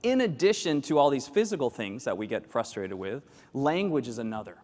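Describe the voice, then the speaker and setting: A man giving an animated keynote talk to a live audience, quizzing the crowd and acting out quoted voices. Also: medium pitch, fairly quick. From grew up in Latin America. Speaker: keynote speaker. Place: large hall with live audience. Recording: echoey hall with long reverb.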